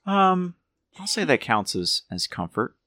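A man's voice: on the high side, sing-song, measured pace, bright, forceful tone, no room sound, studio quality. A man running a tabletop game as game master, laid-back and often restarting his sentences.

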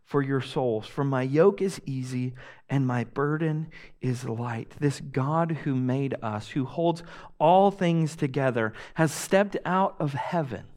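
A young man preaching a sermon with earnest emphasis, rising loud on key phrases and dropping to a hush on others. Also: mid-range voice, slow. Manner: earnest preaching, swings between loud emphasis and soft hushed lines. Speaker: pastor.

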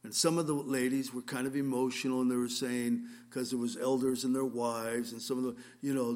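A man's voice: medium pitch, level tone, a little fast, few pauses, a little mellow. A male pastor giving a conversational sermon, telling a story earnestly with frequent restarts.

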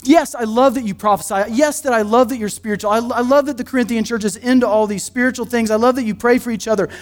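A middle-aged man, a pastor, preaching a sermon in a church in a conversational, joking way with quick asides. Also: extremely high pitch, steady tone. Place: church sanctuary.

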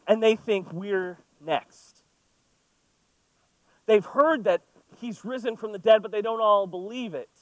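High-voiced, chatty man preaching. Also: slow pace, long pauses, no echo, low-quality recording. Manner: conversational, playful asides. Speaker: pastor. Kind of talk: sermon with scripture reading.

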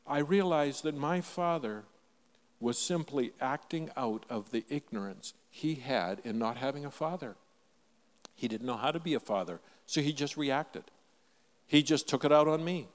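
An older man from Canada preaching a sermon, telling a personal story with emphatic shifts between loud and soft delivery. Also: on the high side, sing-song, normal speed, big-room sound. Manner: storytelling, emphatic, varies loudness widely. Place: church.

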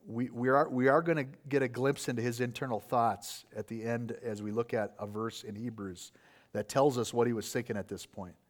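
Male preacher, mid-pitched, earnest and explanatory, asks rhetorical questions. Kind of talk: expository sermon.

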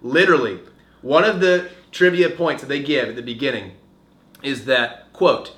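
A man's voice: medium pitch, moderate pace, fairly bright tone, echoey room. A young man co-hosting a podcast, telling long rambling stories with a chuckle, in casual chat. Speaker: podcast co-host.

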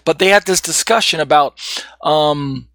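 Male Bible teacher, slightly high voice, loose rambling lecture delivery, dry close recording. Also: moderate pace, a bit bright, dry recording. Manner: rambling, many restarts and fillers. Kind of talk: unscripted theology lecture.

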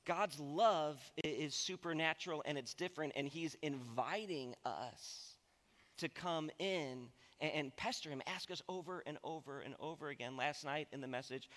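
A man in his thirties preaching a sermon with a high, bright, forceful voice. He tells stories animatedly and acts out the voices of the people in them. His words ring out with a long reverb through a large church hall. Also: normal speed. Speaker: pastor.

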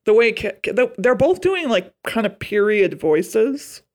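A woman co-hosting a casual podcast about a film, animated and swearing, with exaggerated disgust. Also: fairly high pitch, measured pace. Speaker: podcast co-host.

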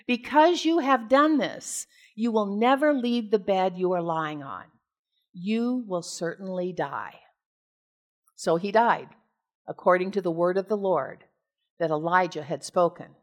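An American woman preaching from the pulpit at an ordinary, mid-range pitch. She reads scripture with care, slips into relaxed, conversational retellings, and asks the congregation direct questions. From United States. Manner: storytelling, casual asides, questions to the congregation. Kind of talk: scripture reading and sermon.

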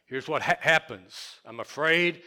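A man preaching a sermon at a church service, emphatic and repetitive, swinging between loud declarations and hushed lines. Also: fairly high pitch, measured pace. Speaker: pastor.

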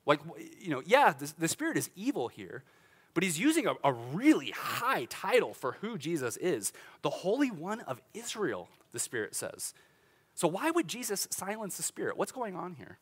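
Animated man preaching a sermon. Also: a little high, normal speed, slightly rough. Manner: conversational, animated, with laughs and restarts. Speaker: pastor. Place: church sanctuary.

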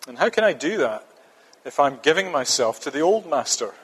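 A man's voice: on the high side, big pitch swings, a little fast, fairly bright tone, slightly rough. A man preaching a sermon, earnest and emphatic, often repeating a phrase for stress. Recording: long reverb of a church hall.

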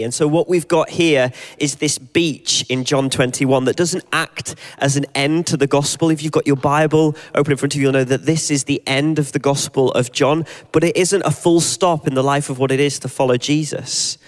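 A man preaching a sermon, reflective, reading passages aloud and slowing down for emphasis. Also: a little high, steady tone. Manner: reflective, reads scripture and story aloud, slows for emphasis.

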